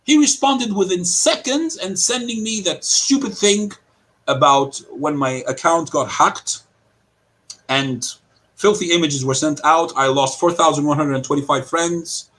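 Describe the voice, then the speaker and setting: A man from Britain, a guest on an online panel, talking fast and aggrieved with frequent halting restarts. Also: fairly high pitch, a bit bright, low-quality recording.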